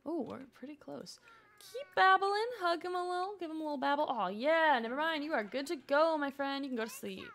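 Fairly quick and expressive, this young woman's high-pitched, slightly bright voice carries her casual commentary on a life-sim game stream. She chats, nudges her characters along and laughs often.

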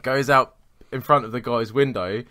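Medium in pitch with a steady tone and normal speed, this man sounds pushed and bright, with no room sound. He's a podcast co-host rambling through a work story in casual chat, swearing and laughing as he tells it.

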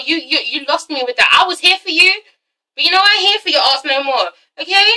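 A sassy woman recaps a TV episode for her viewers, cursing freely. Her voice is high and bright with a sharp edge. She sits a bit back from the mic. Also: expressive, fairly quick, far from the mic, low-quality recording. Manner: sassy, swears freely, talks straight to viewers. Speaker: TV episode reviewer. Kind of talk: casual vlog recap.

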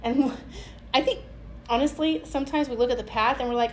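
A woman pastor with a bright, high voice delivers a loose, chatty sermon at a brisk clip in a roomy church hall. She slips into playful little voices to act out everyday prayers. The space rings around her, with a faint hum underneath.

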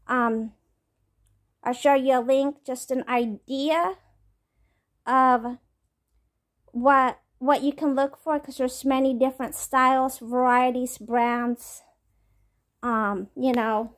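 A woman's voice: high voice, fairly even intonation, takes it slowly, pauses often. A woman vlogger giving casual product tips, chatty and rambling, with many ums and restarts.

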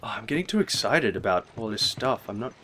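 A man doing jokey, excitable gameplay commentary, yelping and muttering as he plays. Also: on the low side, a little fast, a little hiss or hum. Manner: excitable, jokey, swears mildly, yelps when hit. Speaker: let's play gamer. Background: game music.

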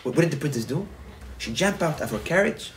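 A man, a rabbi, telling a parable in a sermon, animated, repeating phrases and restarting often. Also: on the high side, fairly quick, background noise. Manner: animated, repetitive, frequent restarts. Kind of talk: storytelling sermon.

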